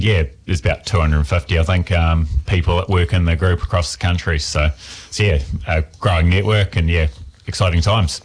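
A man with a New Zealand accent, a radio guest answering interview questions in a relaxed way, with lots of "yeah, so". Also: deep voice. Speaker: accountant guest.

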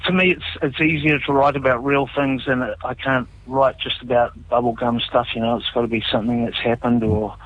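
Earnest New Zealand musician, lo-fi radio. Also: male voice, medium pitch, level tone, brisk, few pauses, slight background noise. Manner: open, earnest storytelling with many fillers. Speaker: musician guest. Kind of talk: casual radio interview.

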